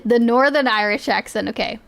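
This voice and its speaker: High-voiced woman streamer, laughs easily, talks in loose restarts. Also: brisk, creaky, a bit bright. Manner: giggly, rambling, often restarting sentences. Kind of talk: casual reaction stream chat.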